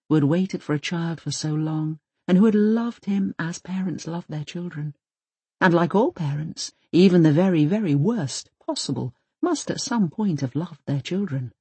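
A woman narrating an audiobook in a measured, gentle storytelling manner. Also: deep voice, slightly rough, dry recording.

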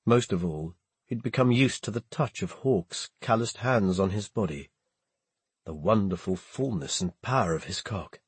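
A man's voice: lowish voice, normal speed, slightly rough, no room sound. A man reading an audiobook, narrating expressively. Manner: expressive storytelling. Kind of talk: scripted narration.

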